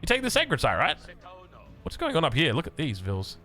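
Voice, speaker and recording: A brisk Australian man with a slightly high voice commentates on a strategy game. Excitable and chatty with the players, he lets his voice spring upward when surprised.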